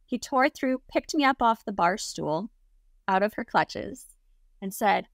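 A woman guest telling a story in a casual, lively way. She laughs often and acts out the people she quotes. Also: mid-range voice, unhurried, creaky, no echo, studio quality. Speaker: interview guest.

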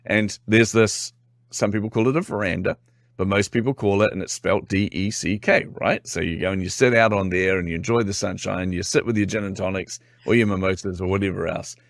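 Kiwi-accented man with a low voice. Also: brisk, no echo, clean studio sound. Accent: New Zealand. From New Zealand. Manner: animated storyteller, acts out quotes, laughs often. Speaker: guest. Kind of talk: casual interview chat.

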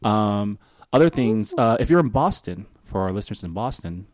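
A man's voice: fairly low pitch, lively intonation, moderate pace, darkish tone. A man co-hosting a casual podcast, joking around and reading out announcements. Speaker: podcast co-host.

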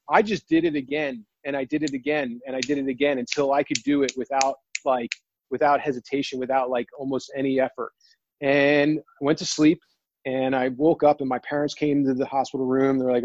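A man earnestly telling a personal story, near tears, halting and restarting often. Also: medium pitch, gravelly, a little mellow, no echo, dull audio. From New Jersey. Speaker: guest.

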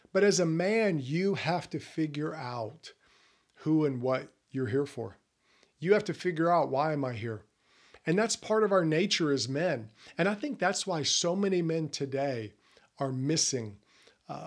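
A middle-aged man giving an earnest faith-based talk to men, speaking to the listener in a personal way. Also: fairly high pitch.

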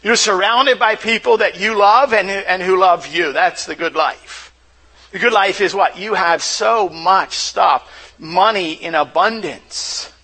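A man's voice: high-pitched, measured pace, pushed and bright, husky, low-quality recording. A pastor preaching a sermon in church, asking the congregation questions and often repeating words as he restarts. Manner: asks rhetorical questions to the audience.

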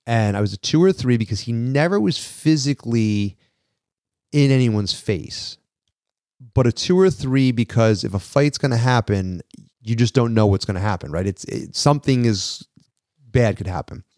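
A man, co-hosting a podcast and telling a story in an animated way, acting out the people he quotes. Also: mid-range voice, normal speed, no echo, studio quality. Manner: animated, acts out quoted voices. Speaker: podcast co-host. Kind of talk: casual storytelling.

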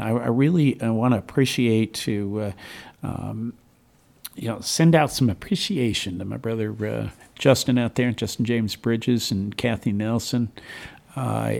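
A man's voice: mid-range voice, creaky, a little mellow. A man hosting a community radio show from the studio, talking casually and enthusiastically in a rambling way. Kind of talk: casual on-air radio talk.

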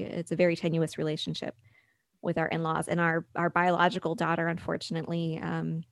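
Low-voiced woman recounting family struggles. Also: gravelly, no echo, clean studio sound. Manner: candid, halting with restarts, acts out quoted voices. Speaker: guest. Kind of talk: conversational podcast interview.

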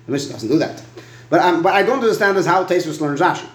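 A man teaching a Talmud study session, reasoning aloud in quick bursts and repeating words as he thinks, in an echoey room. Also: sits high, lively intonation. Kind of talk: animated Talmud study debate.

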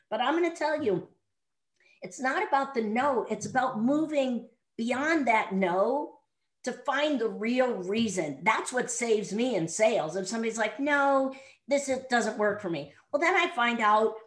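A middle-aged woman, a sales coach and podcast guest, speaking bluntly and directly in an interview. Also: on the high side. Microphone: remote audio call. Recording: echoey room sound.

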